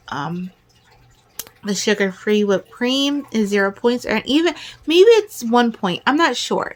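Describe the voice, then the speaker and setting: A middle-aged woman chatting casually to camera as a vlogger, excitable and rambling, sometimes talking fast and jumbling her words. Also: a little high.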